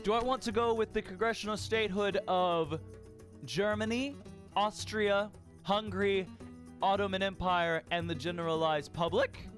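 A man's voice: high voice, normal speed, faint music behind. A young man giving casual let's play commentary, profane, exasperated and joking. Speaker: gamer.

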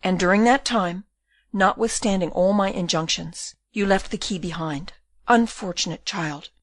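A woman's voice: mid-range voice, moderate pace, no echo, natural voice. A woman doing a raging young prisoner. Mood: reproachful. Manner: pleading and raging. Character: young male prisoner, desperate and furious.

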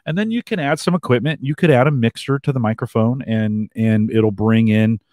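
A man's voice: mid-range voice, a little fast, darkish tone, dry recording, studio quality. A man co-hosting a podcast, talking gear in a rambling, filler-heavy way and reading out chat comments. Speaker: podcast co-host. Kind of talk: casual live-stream chat.

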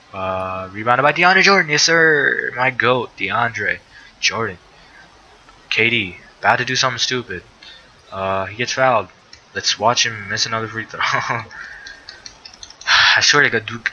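A man's voice: fairly low pitch, bright, forceful tone. A young man streaming live commentary on a simulated basketball game, swearing and breaking into exasperated outbursts. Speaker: sim league streamer. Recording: dull lo-fi mic with faint noise.

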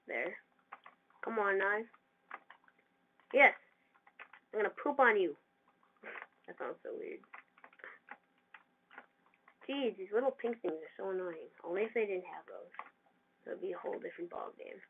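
A gamer giving casual, excitable commentary over their own gameplay and trash-talking opponents. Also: medium pitch, unhurried, long pauses. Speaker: gamer narrating own play. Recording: tinny lo-fi mic with faint hiss.

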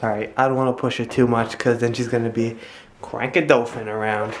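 A woman's voice: a bass voice, fairly even intonation, brisk, roomy sound, slight background noise. A young woman vlogging at home with a handheld camera, chatty. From New Jersey, New York area. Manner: chatty, cooing baby talk to a child. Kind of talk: casual home vlog. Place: home, indoors.

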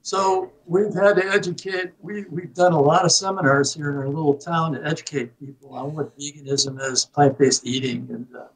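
A man in his eighties telling a story to his host in a casual, unhurried way, pausing on many "uh" fillers. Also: a little high, distant mic, low-quality recording. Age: 80s. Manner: unhurried, halting, with frequent "uh" fillers. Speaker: guest.

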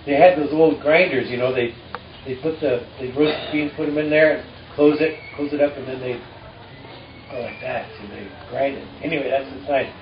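A man teaching a live audience in a relaxed way, speaking haltingly with many fillers and dry jokes. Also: mid-range voice, a little hiss or hum. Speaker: musician and storyteller addressing an audience. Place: live performance before an audience. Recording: distant, roomy and dull with faint ambience.

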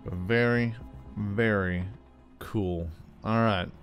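A man's voice: on the low side, fairly even intonation, extremely slow. A man with the hiccups talks through a racing game in a loose, joking let's-play style. He grumbles back at the game and laughs off his own mistakes. Game music and engine noise run under his voice. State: has the hiccups. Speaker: gaming channel host. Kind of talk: casual let's-play commentary.

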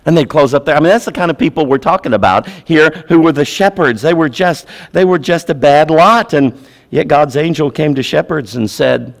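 A man preaching a sermon as pastor, repeating key phrases and swinging between loud urgency and quiet, low emphasis. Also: moderate pace, vocal fry.

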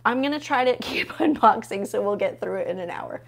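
A woman's voice: mid-range voice, animated, fairly quick, vocal fry. A woman hosting a casual live unboxing stream from home, gushing over what she unpacks and chatting with her viewers. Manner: gushing, chatty, talks to viewers while flipping pages.

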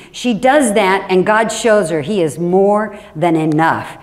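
Woman pastor, mid pitch, emphatic preaching that swings from loud stress to quiet, low asides. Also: expressive, slow pace. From Washington State. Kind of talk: sermon. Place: church.

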